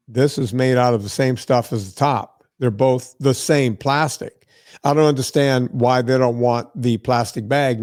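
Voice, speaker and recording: A man's voice: mid-range voice, a little mellow, no echo, studio quality. A man hosting a podcast, telling a story in a casual, profane, exasperated way. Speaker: podcast host.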